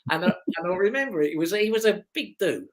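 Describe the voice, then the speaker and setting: A middle-aged former motocross racer, appearing as an interview guest, tells loose, chatty anecdotes in a high-pitched, animated voice at a quick clip. He rambles, restarts his sentences, and chuckles along the way.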